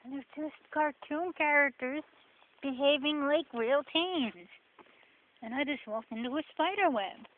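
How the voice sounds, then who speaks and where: A woman with a New Jersey accent rambles in a chatty, sarcastic way as she walks a forest path. Her voice sits a little high, and it comes through a thin, phone-like recording with a faint hiss behind it. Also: a little slow. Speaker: vlogger. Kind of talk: casual walking vlog commentary. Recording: tinny phone-like sound with faint noise.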